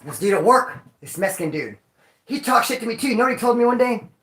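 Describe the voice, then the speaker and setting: A man from Bakersfield, California telling rowdy stories in casual street slang to his viewers, cursing and sometimes yelling. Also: extremely high pitch, fast, a little hiss or hum. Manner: profane, animated street slang, bursts of yelling. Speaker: vlogger. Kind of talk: casual storytelling to a live chat. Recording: echoey room.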